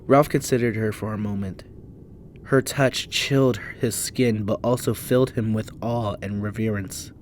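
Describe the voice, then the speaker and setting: A man narrating a horror story in a measured, hushed storytelling manner. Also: fairly low pitch, a little hiss or hum. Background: faint background music.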